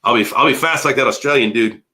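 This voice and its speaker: A man in his early forties hosting a casual crypto livestream, rambling and animated, chatting with viewers and swearing freely. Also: medium pitch, quick pace. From United States. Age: 40s.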